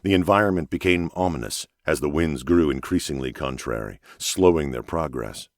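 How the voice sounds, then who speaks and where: A male audiobook narrator with a very deep, low voice, reading a thriller in a measured, even way. The recording is close and dry, with no room sound. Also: dry recording. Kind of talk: scripted narration.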